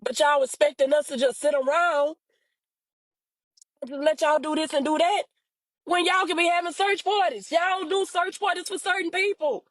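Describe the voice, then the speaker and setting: A woman's voice: high-pitched, fairly even intonation, normal speed, fairly bright tone, no echo, low-quality recording. A young woman making an emotional, pleading plea to camera about her missing sister, her voice breaking into tears as she repeats herself.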